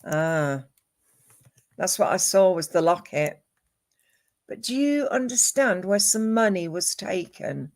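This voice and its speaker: Slow-spoken woman medium. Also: fairly low pitch, expressive. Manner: slow, measured, listing names and images one by one. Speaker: psychic medium. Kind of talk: live psychic reading.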